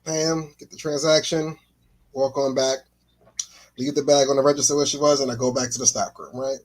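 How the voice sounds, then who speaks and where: A man's voice: medium pitch, little pitch movement, fairly quick, darkish tone, rough recording. A man co-hosting a podcast, telling a story in a casual chat, acting out the voices of the people in it and laughing often. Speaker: podcast co-host.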